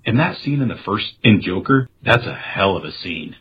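A man's voice: deep voice, expressive, normal speed, highs cut off, slight background noise. A man co-hosting a casual film review chat who speaks frankly and swears freely. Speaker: podcast co-host.

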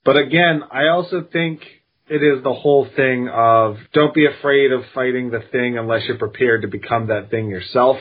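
A man co-hosting a casual film podcast, offering measured, wry opinions. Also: medium pitch, phone-quality sound. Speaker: podcast co-host.

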